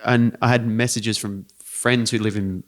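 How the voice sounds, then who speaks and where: A man's voice: fairly low pitch, fairly even intonation, unhurried. A young man co-hosting a podcast, telling an easygoing story in casual chat and quoting what people said to him. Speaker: podcast co-host.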